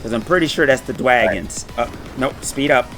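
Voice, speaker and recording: A man's voice: medium pitch, a little fast, a bit bright, faint music behind. A man chatting casually while playing a game, laughing often and swearing freely. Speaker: gaming streamer. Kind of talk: casual chat while gaming.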